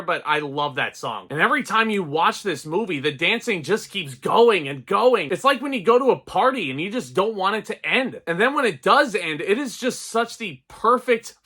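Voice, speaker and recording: A man reviewing an old movie in an excited, gushing way, laughing at himself now and then. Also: high voice. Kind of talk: enthusiastic film review talk.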